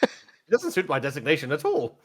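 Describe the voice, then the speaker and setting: A man doing a small servile robot droid in a tabletop game, pitched well above his own voice and swinging widely. It speaks stiffly, formally and earnestly. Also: wildly swooping pitch, brisk, a bit bright, heavily acted. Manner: stilted, formal robotic phrasing.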